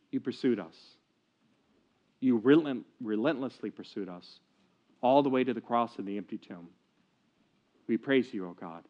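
A man preaching a sermon at a church service, telling a story earnestly, in a dull lo-fi recording. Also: mid-range voice. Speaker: pastor. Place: church service, streamed online.

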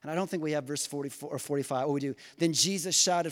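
A man with a high voice delivers a sermon, rising to loud emphasis and dropping to slow, quiet reading. His words ring with the long reverb of a church sanctuary. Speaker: pastor.

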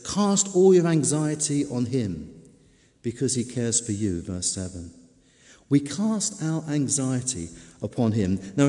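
A man preaching a sermon, emphatic, slowing down and repeating key words for stress. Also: mid-range voice, warm tone. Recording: long reverb of a large hall.

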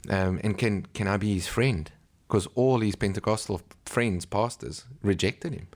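A man's voice: fairly low pitch, measured pace. A man from South Africa, a missionary pastor, telling ministry stories in an interview, with many ums and acted-out quotes. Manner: storytelling, acts out quoted voices, many ums. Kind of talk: conversational interview.

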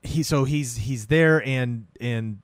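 A man's voice: mid-range voice, slow, dry recording, clean studio sound. A man casually retelling a film scene in a chat, acting out the characters' lines as he goes. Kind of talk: casual movie recap chat.

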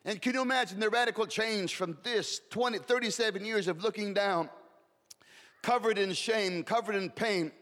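A man's voice: sits high, moderate pace, bright, forceful tone, long reverb tail. A man preaching a sermon with passion, repeating words and building in rising waves.

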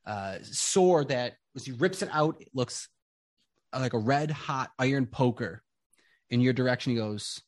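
A man narrating a tabletop game as game master, describing scenes slowly with lots of fillers. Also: medium pitch. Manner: slow, descriptive, rambling with fillers.

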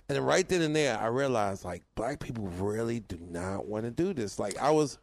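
A man co-hosting a podcast in casual chat, an animated storyteller who acts out his relatives' lines. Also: mid-range voice, fairly quick, gravelly, hardly any pauses. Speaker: podcast co-host.

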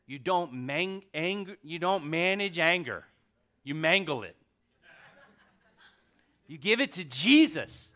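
A man preaching a lively sermon from a church stage. His voice sits high and climbs and dips all over, one moment near a shout and the next a hushed aside. He jokes with the congregation between points. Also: takes it slowly, pauses often. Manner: passionate, swings from loud to hushed, jokes with the congregation. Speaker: pastor. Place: church sanctuary.

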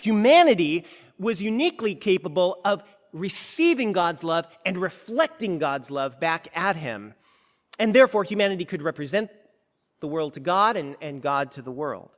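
A man preaching a sermon in an animated, conversational way, with frequent restarts, to people gathered in a large hall. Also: on the high side, normal speed. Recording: long hall reverb.

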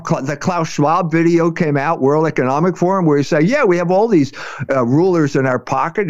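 A man with a high voice for a man pours out passionate commentary, stumbling and restarting as he goes. The sound is dry and close, with no room around it. The recording is a little dull and muffled. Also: a little mellow, no room sound. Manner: impassioned, halting, many restarts. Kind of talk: opinionated commentary chat.

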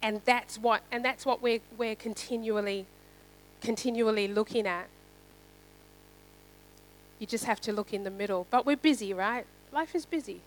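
A woman's voice: fairly high pitch, moderate pace, long pauses, a little hiss or hum, poor audio. A woman preaching a sermon in a conversational way, often checking in with "right?". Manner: conversational, asks "right?" often, some fillers.

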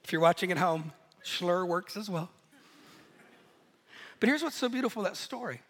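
A man preaching a sermon, telling stories in a lively, animated way and laughing at himself now and then. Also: high-pitched, normal speed. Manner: storytelling, animated, self-deprecating laughs. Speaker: pastor. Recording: echoey hall.

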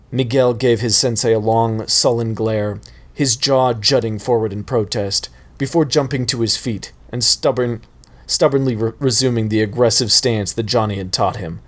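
A man's voice: on the low side, normal speed. Laid-back man reading his story aloud. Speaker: fan fiction author reading his story.

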